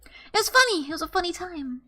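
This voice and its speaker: A young woman streamer casually telling a story to her chat, animated and swearing freely, often breaking into laughter. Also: extremely high pitch, a little fast, faint music behind.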